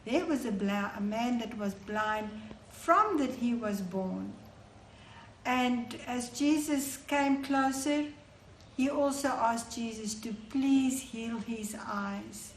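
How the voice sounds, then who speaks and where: A woman tells children a Bible story at an unhurried pace, her voice sitting a little high. She is recorded in a roomy church hall. A faint hum sits underneath. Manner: slow, warm-toned teaching to children.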